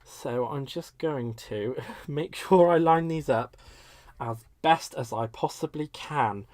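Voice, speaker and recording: A man's voice: a little high, slow pace, darkish tone, dry recording. Playful, camp man hosting a craft stream. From United Kingdom. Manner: playful, camp, teasing banter with viewers. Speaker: crafting livestream host. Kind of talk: live crafting demo chat.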